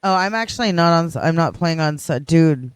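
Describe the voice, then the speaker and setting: A woman streaming a game live, chatting casually and excitedly with viewers and often stammering over her words. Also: low voice, brisk, smooth, no echo. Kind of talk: casual live-stream chat while gaming.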